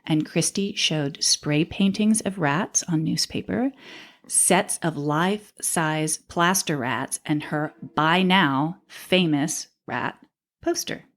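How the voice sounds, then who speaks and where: Lower-pitched woman telling a story. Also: takes it slowly. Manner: reads a transcribed story aloud, laughing easily. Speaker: podcast co-host. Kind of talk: casual storytelling chat.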